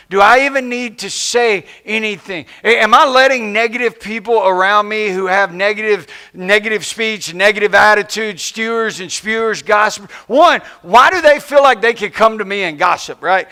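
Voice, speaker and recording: Casting: male pastor, high pitch, gravelly edge, chatty sermon that acts out complainers. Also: bright, forceful tone. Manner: conversational and playful, acts out complaining people. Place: church.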